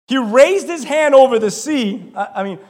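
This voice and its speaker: High-voiced man preaching in a reverberant hall. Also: moderate pace. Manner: animated, acts out scripture voices, shouts and laughs. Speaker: pastor. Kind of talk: sermon.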